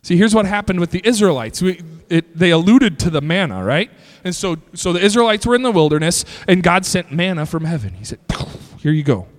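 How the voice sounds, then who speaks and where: A male pastor preaching a sermon, reading scripture slowly and breaking into shouted bursts. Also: sits high, very animated, in a large hall.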